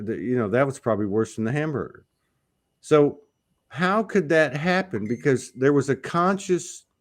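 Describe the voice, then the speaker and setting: A man hosting a casual spiritual talk show, rambling and emphatic, dropping a curse now and then. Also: medium pitch. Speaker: host.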